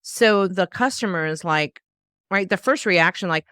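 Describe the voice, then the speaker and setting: A woman's voice: lowish voice, a little slow, fairly bright tone, clear, resonant tone, no echo, studio quality. A woman hosting a podcast, chatting casually and acting out quoted voices with animation. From American South. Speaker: podcast host. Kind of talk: casual interview chat.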